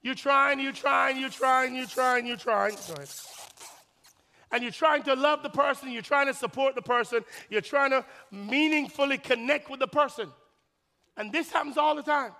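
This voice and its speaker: High-voiced shouting preacher in a hall. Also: male voice, moderate pace, vocal fry. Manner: preaching with shouted peaks and hushed drops; acts out the couple's voices. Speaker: pastor. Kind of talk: sermon. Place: church. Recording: long hall reverb.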